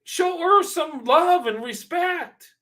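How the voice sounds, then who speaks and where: A man's voice: very high voice, expressive, slow pace, fairly bright tone. A man hosting a reaction video, giving casual commentary in an emphatic, preachy way and repeating points for stress.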